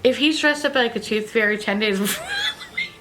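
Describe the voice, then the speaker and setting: A woman's voice: high-pitched, huge pitch swings, brisk, music in the background. A woman in her thirties hosting a casual chat, telling stories animatedly, laughing often and swearing freely. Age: 30s. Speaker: host.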